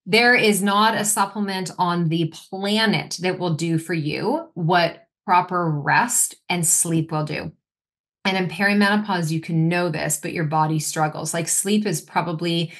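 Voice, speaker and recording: Lively low-pitched woman, forties. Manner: energetic, quick, acts out quotes of clients. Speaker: nutritionist guest. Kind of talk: casual podcast interview.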